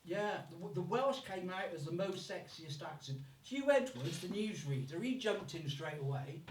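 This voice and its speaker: Brummie stand-up comic in an echoey club. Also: male voice, sits high, expressive, moderate pace, slight background noise. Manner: swears freely, puts on voices for accents. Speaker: stand-up comedian. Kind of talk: stand-up comedy set. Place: live comedy club. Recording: echoey room from far off.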